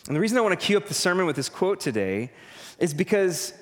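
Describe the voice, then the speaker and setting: A man who is a pastor, praying and then preaching a sermon in an earnest manner, his voice climbing in pitch and force as he presses his points. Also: sing-song, fast. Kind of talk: prayer and sermon. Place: church hall. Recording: long reverb of a church hall.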